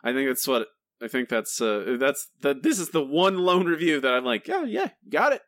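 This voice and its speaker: A man co-hosting a podcast, talking in an animated, incredulous and sarcastic way. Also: medium pitch, normal speed, no room sound, clean studio sound. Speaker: podcast co-host. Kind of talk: casual chat.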